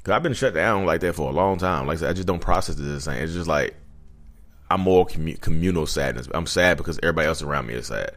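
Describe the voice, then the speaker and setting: Man, 30s, very low voice, casual storytelling vlogger, conversational and chatty. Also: fast talker, fairly bright tone. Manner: loose and conversational, full of 'you know what I mean' and acted-out quotes. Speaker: vlogger talking about his own personality disorder.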